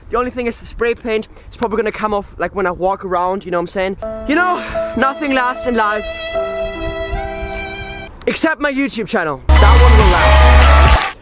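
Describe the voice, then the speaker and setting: Young male vlogger, excitable, very high pitch; loud music and crowd behind. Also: fairly quick. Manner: hyped, playful, addresses viewers as guys. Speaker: scooter vlogger. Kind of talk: energetic vlog talk. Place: car, then indoor skate park. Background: loud music and crowd noise.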